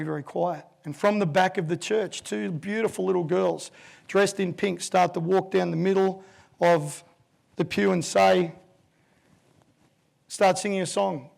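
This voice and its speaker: A man's voice: high-pitched, vocal fry. A man in his fifties giving a keynote talk, telling a vivid story and acting out the voices in it. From Australia. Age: 50s. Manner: vivid, animated storyteller who acts out voices. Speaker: keynote speaker.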